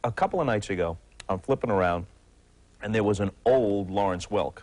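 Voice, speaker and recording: A man with a fairly low voice hosts a talk show from a TV studio. He muses aloud in a relaxed, conversational way. As he tells anecdotes, he acts out the quotes. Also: moderate pace, rough recording. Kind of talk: casual talk-show interviewing.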